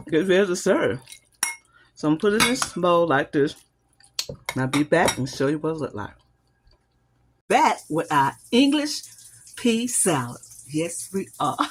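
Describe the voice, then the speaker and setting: A woman hosting a home cooking video, demonstrating a recipe in a chatty, homey way and calling her viewers y'all. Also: on the low side. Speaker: home cooking channel host. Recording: noisy kitchen with clattering utensils. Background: whisking, dishes and cutlery clinks.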